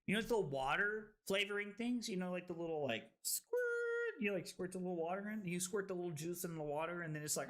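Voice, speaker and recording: A man's voice: high-pitched, fast talker, few pauses, fairly bright tone. A tipsy man streaming, chatting in a rowdy, profane, joking way and often breaking into giggles. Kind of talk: rowdy casual stream chat.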